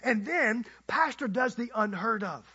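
A male guest preacher telling a story in an animated, conversational way and joking with the congregation. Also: extremely high pitch, unhurried, slightly rough, dull audio. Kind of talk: storytelling sermon.

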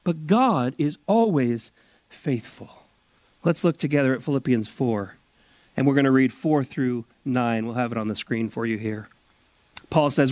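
A man preaching a sermon at a church service, drawing out key phrases slowly for emphasis. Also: mid-range voice, lively intonation, darkish tone, no room sound. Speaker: pastor.

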